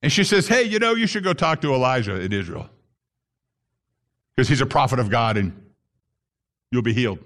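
A man preaching an impassioned sermon to a congregation, building to shouted emphasis at key points. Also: mid-range voice, very animated, moderate pace, pauses often.

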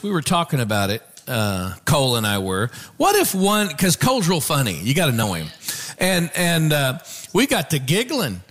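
A man preaching a sermon, telling a story with animated shouts and call-outs to the congregation. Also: sits high.

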